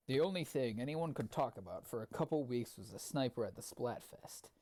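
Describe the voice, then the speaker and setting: A man's voice: mid-range voice, lively intonation, normal speed, warm tone. A man reading fan fiction aloud with sardonic asides, often stumbling over the text. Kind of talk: comedic dramatic reading with asides.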